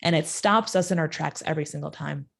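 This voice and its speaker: A woman guest in an interview telling a personal story, acting out the quoted voices with sudden jumps in pitch. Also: quick pace, creaky.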